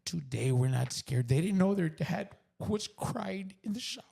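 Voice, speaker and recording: A man with a South Texas accent telling an emotional personal story on a podcast, raw and profane, dropping to hushed whispers and then bursting out loud. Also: on the high side, lively intonation, moderate pace, creaky, husky. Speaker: podcast guest.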